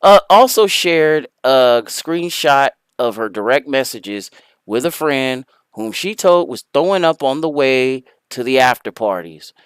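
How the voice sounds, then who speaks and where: Animated man reading celebrity gossip. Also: a little slow, smooth, no echo. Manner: loud laughing outbursts, crude jokes, jumps into high voice. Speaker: streamer host. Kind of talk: casual chat, reading celebrity news aloud.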